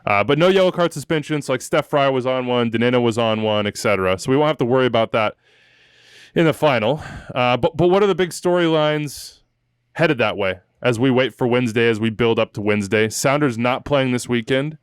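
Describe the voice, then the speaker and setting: A man's voice: medium pitch, a little fast, smooth, no echo, clean studio sound. A man hosting a soccer podcast, telling stories with emotion and joking asides while leading the chat. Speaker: podcast host.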